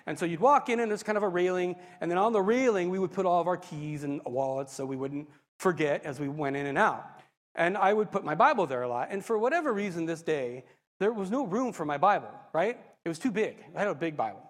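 Picture a male preacher telling his own story with real animation, his pitch riding high and swinging all over. He talks to the congregation with frequent asides. The sound carries the long reverb of a big hall. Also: lively intonation, fairly quick. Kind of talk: sermon testimony storytelling.

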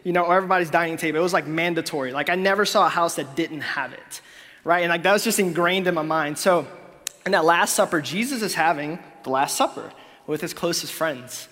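A man's voice: on the high side, fairly quick, sharp tone. A man from Honduras giving a casual sermon as pastor, reading scripture and talking it over with many "like"s and "right?"s. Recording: long hall reverb.

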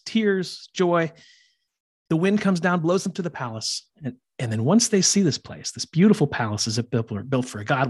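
A man's voice: fairly high pitch, husky. A man hosting a podcast, casually retelling a myth with chatty asides. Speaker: podcast host.

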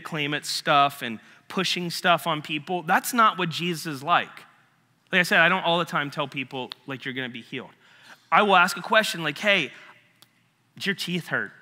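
A man's voice: a little high, bright, forceful tone, big-room sound. A man giving a casual, story-driven sermon, acting out conversations as he retells them. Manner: storytelling, acts out both sides of a dialogue. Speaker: preacher.

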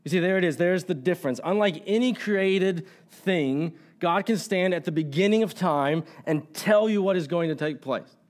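A man preaching a sermon in earnest, often asking the congregation "right?" and slowing down to stress quoted lines. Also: high-pitched. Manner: stumbling restarts, slows to stress quotes.

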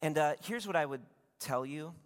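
A man preaching a sermon as pastor, retelling a Bible story in lively, conversational storytelling and acting out the voices. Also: on the high side, normal speed. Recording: long hall reverb.

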